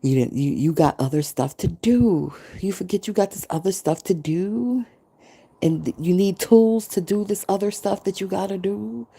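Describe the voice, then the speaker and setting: A woman's voice: medium pitch, normal speed, creaky, breathy edge. A woman in her forties hosting a podcast, talking casually and acting out quotes as she tells a story. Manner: animated storytelling, acting out others' quotes, frequent laughter. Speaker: podcast host. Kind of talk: casual monologue. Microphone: podcast mic.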